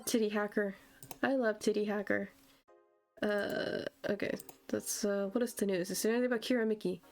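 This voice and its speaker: A woman streamer giving casual, excitable gameplay commentary, swearing freely and laughing often. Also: mid-range voice, moderate pace, soft background music.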